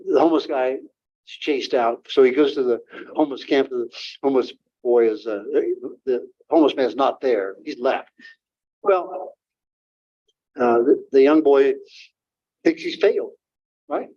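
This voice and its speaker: An older man, a guest author, talking informally to an audience and taking questions, halting with many fillers and restarts. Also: mid-range voice, darkish tone. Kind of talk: informal talk and Q&A. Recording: dull lo-fi room recording.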